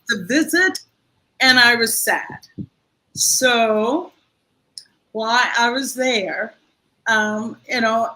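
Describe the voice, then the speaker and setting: An older woman, a guest in a conversational interview, tells a heartfelt story with lively expression. Her voice sits on the higher side and sounds strikingly bright and forceful. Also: rough recording.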